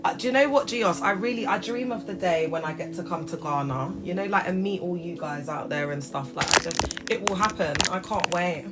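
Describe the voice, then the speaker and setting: A British woman hosting a casual livestream chat, talking in lively slang and laughing often. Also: on the low side, a little fast, loud music behind the voice. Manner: chatty and animated, laughs often, heavy slang. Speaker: livestream host.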